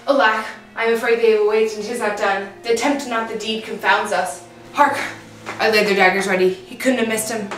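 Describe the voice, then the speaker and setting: A woman's voice: on the high side, fairly even intonation, a little fast, fairly bright tone, natural voice. A woman playing a scheming, commanding noblewoman, urging firmly in stage verse. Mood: anxious. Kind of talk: stage acting of verse drama. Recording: echoey room, voice far from mic, faint music.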